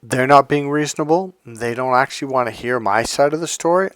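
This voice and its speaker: A man's voice: medium pitch, fairly quick, few pauses, a bit bright, clear, resonant tone, dry recording. A man giving an intense, blunt and profane motivational talk as a relationship coach. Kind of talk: motivational vlog monologue.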